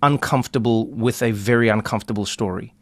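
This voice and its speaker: A man hosting a casual podcast chat, a playful and animated storyteller who acts out the people he talks about. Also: lowish voice, quick pace, no room sound. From South Africa. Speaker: podcast host.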